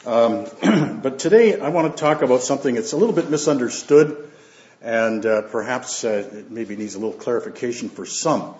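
A man preaches to his church in an unhurried way, reading scripture aloud and breaking off for asides and fillers between verses. His voice sits in a middle pitch. It comes through a roomy, somewhat dull lo-fi recording of the church. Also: lively intonation, a little mellow. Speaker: pastor.

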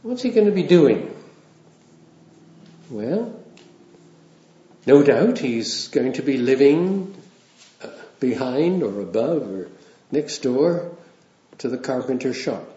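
A man's voice: medium pitch, very animated, takes it slowly, long pauses, mellow. A man preaching a sermon in a conversational way, with wry asides and small chuckles. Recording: roomy, dull lo-fi sound.

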